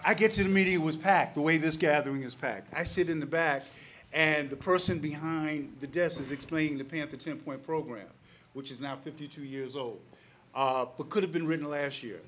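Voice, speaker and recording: An older man in his sixties speaks from a panel to a crowded gathering, his voice sitting slightly higher than most men's. He tells his story with animation and slips into the voices of the people he remembers. A faint ambient hum sits underneath. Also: a little fast. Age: 60s. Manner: animated, acts out quoted voices, laughs between lines. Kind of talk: personal storytelling to a live audience. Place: packed public panel gathering.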